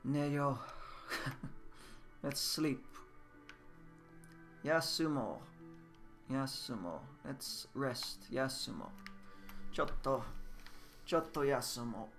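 Male teacher, unhurried and patient, bright clear tone, repeats each word, light music underneath. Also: medium pitch, lively intonation. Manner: slow, repeats words for learners. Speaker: Japanese language teacher. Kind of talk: casual game-based lesson.

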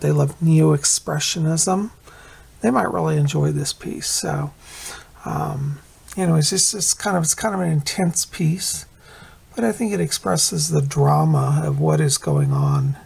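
A man's voice: on the high side, creaky, a little mellow, breathy edge. A man chatting casually at home in a rambling vlog, looping back with "anyways" and restarts. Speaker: psychic vlogger.

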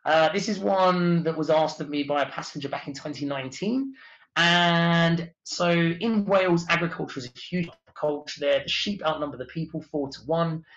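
In a travel webinar with muffled, lo-fi sound, an English tour leader chats and explains, often saying uh. His pitch is fairly high and his tone a bit bright.

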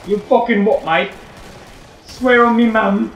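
Guy doing a cocky cockney hardman bit, goofy fake accent, bouncy high-ish voice, roomy far-off mic. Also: measured pace, a bit bright, a little hiss or hum. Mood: cocky mock-tough. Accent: put-on Cockney. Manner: swaggering, jokey threats. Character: mock cockney street tough, male adult, cocky.

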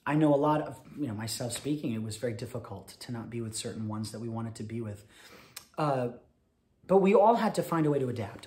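A man, a cabaret singer, giving chatty stage patter between songs and telling a story quickly, with many fillers. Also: mid-range voice. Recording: roomy sound over loud piano.

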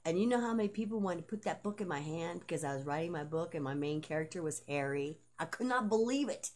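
Middle-aged lady rambling on camera, swears a lot, laughs a lot, kinda low voice. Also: lively intonation, fast, a little mellow, a little hiss or hum. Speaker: vlogger and aspiring author. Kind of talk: rambling casual monologue.

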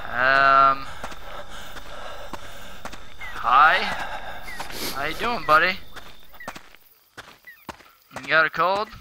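A man's voice: a little high, noisy background. Jumpy, foul-mouthed man playing a game. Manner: jumpy, profane, talks back to the game. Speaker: gaming YouTuber. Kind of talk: let's-play commentary.

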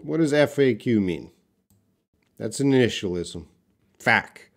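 A man teaching a live online English writing lesson, reading example sentences aloud and quizzing viewers in a patient, unhurried way. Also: medium pitch, lively intonation, creaky, a little mellow.

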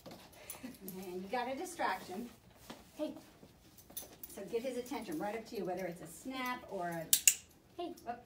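A woman dog trainer gives quick, upbeat instructions during a hands-on session. Her voice sounds a little distant and echoes around the room. A faint hiss sits underneath. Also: a little high. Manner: brisk, encouraging instruction. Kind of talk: hands-on coaching.

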